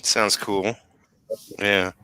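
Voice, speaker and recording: A man hosting a casual online chat, easygoing and unhurried. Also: fairly low pitch, level tone, pushed and bright, clear, resonant tone. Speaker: show host. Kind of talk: casual video call chat.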